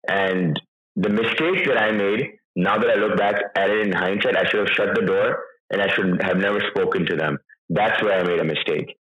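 A man's voice: sits low, moderate pace, a bit bright, echoey room, lo-fi sound. A man in his thirties telling his own story in an interview, emotional and hesitant, with many restarts. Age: 30s. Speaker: interview guest. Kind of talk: personal account in an interview.

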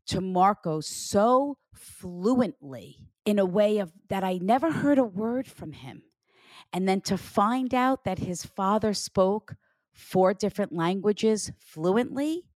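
An animated woman gives a spiritual reading as a medium, acting out the lines she passes on. Her voice sits at an ordinary pitch for a woman. The sound is dry and close, with almost no room echo. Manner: animated, acts out quoted dialogue. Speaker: psychic medium and show host.

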